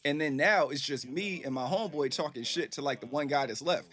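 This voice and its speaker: Fast-talking, animated male gaming storyteller. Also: fairly high pitch. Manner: animated, profane, acts out quoted voices. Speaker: gaming streamer. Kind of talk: casual storytelling to viewers.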